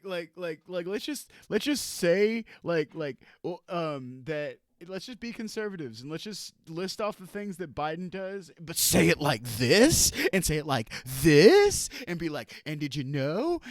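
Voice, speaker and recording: A man streaming live, reacting to a video with sarcastic, animated commentary and frequent laughter. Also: fairly high pitch, clean tone, no room sound, clean studio sound.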